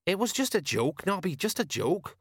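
A man's voice: high voice, sing-song, moderate pace, slightly rough, dry recording, voice pushed up, exaggerated voice. A blustering, self-important sergeant, voiced by a male reader a few notes above his own voice. He lectures with smug certainty. The recording is dry and close. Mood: pompous. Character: pompous know-it-all male watch sergeant.

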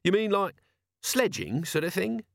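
A man's voice: high voice, sing-song, a little slow, creaky, no room sound, studio quality, pitched above the performer's own voice, full character voice. A man doing a cheeky, shameless scruffy watchman. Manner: cheeky, blunt.

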